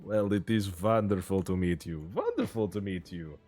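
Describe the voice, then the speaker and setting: A man's voice: low voice, normal speed, darkish tone, no echo. A man voicing a boisterous male satyr ship captain in a put-on French and Eastern European accent, hearty and repetitive. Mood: jovial welcoming. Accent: put-on French-Eastern European mix. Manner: hearty, welcoming, repeats himself. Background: pirate music.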